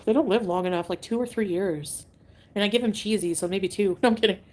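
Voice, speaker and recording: Woman from canada, chatty livestream talk, giggly, wanders between topics, mid pitch. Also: fast, warm tone, a little hiss or hum. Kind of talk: casual livestream chat, reading comments.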